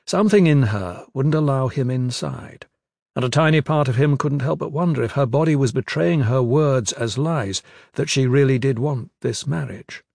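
Guy reading a fantasy audiobook, mid pitch, measured, super dry close mic. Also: vocal fry, darkish tone, no echo. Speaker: audiobook narrator. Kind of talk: scripted fantasy narration.

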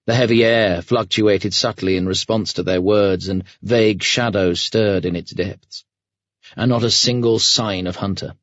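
A man narrating an audiobook in a measured, grave storytelling manner. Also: lowish voice, steady tone, a bit bright, no room sound, lo-fi sound. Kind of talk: scripted narration.

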